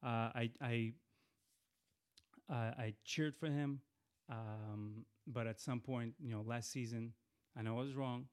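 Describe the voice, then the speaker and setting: A man in the host's chair of his own podcast, talking casually and a little rambling, stumbling and restarting as he goes. His voice is smooth and clear, sitting at an ordinary middle pitch for a man. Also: fairly even intonation, slow. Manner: chatty, rambling with frequent restarts. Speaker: podcast host. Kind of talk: casual solo podcast intro.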